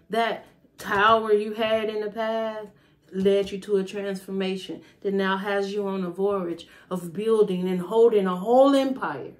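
Woman, casual tarot reader, mid-range voice, talks off the cuff and meanders. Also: medium pitch. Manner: rambling, intuitive, thinks aloud with fillers. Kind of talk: casual spiritual reading.

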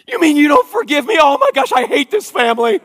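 A man's voice: extremely high pitch, very animated, quick pace, fairly bright tone, in a large hall, pitched above the performer's own voice, full character voice. A man voicing a melodramatic young girl with a whiny, wailing, theatrical manner.

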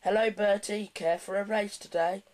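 A man's voice: high voice, fairly even intonation, normal speed, voice pushed up, close to an everyday voice, rough recording. A man voicing a cheerful, friendly little male tank engine in a storybook reading. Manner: bright and friendly.

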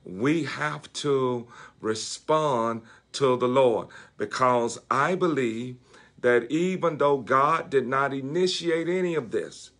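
A man's voice: medium pitch, slow pace, a bit bright. A man, serving as a bishop and delivering a devotional sermon, speaking with many fillers and repeating key phrases for emphasis.

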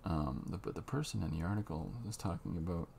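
A man talking through a drawing tutorial as he works, unhurried and halting, thinking aloud. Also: deep voice, creaky, a little mellow, slight background noise. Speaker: comic artist drawing on camera.

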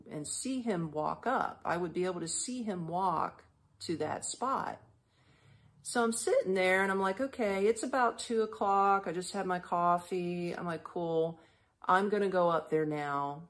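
A woman from the United States tells a personal travel story on her podcast in a loose, conversational way. She is animated and chatty, acting out both sides of each exchange, with a voice that sits somewhat low for a woman. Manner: animated, chatty, full of fillers and quoted dialogue. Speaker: podcast host. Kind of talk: casual storytelling.

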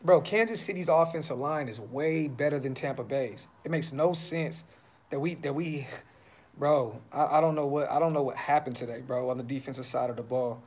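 Recording at his brother's house, this fan podcast host speaks at medium pitch and a moderate pace, his tone a little mellow. On the live stream he's casual but frustrated, full of blunt slang and repetition.

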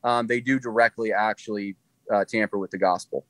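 A man's voice: lowish voice, fairly even intonation, brisk, fairly bright tone, no room sound. A man speaking as a guest in a podcast conversation, making short points with fillers.

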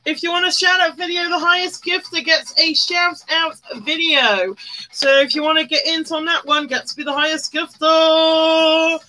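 A woman's voice: extremely high pitch, steady tone, moderate pace, bright, forceful tone, poor audio. A woman chatting casually on a makeup live stream, greeting viewers by name and bursting into little sung bits. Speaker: livestreamer doing makeup.

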